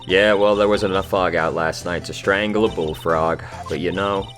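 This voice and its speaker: A man's voice: low-pitched, steady tone, normal speed, fairly bright tone. A man voicing a brash, feisty Southern woman photographer with a folksy drawl, over game music. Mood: sassy. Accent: put-on American Southern. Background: video game music.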